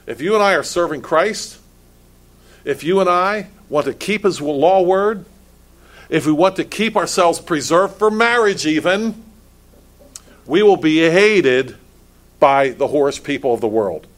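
A man's voice: on the high side, expressive, moderate pace, a bit bright. A male pastor preaching a sermon, asking pointed rhetorical questions and stumbling over restarts as he builds his points.

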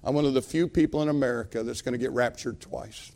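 A middle-aged male preacher telling a funny story in a sermon, animated, acting out the voices of the people in it and laughing at his own tale. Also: medium pitch, fast talker.

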